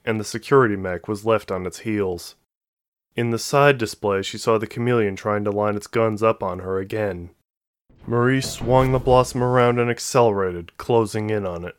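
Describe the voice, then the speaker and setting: A man reading an action story aloud with steady, dramatic narration. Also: fairly low pitch, dry recording. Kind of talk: scripted audiobook narration.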